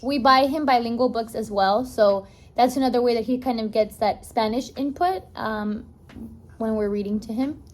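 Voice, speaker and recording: A woman's voice: on the high side, normal speed, slight background noise. A woman vlogging casually at home, a mother of a toddler who explains things in a chatty way, with fillers and restarts. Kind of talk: casual home vlog talk. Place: home, indoors.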